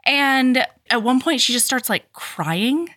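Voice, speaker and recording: A woman's voice: sits high, animated, slow pace, bright, forceful tone, dry recording. Dry-sounding woman podcast co-host. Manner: enthusiastic, laughs often, mock-dramatic retellings. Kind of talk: casual book recap chat.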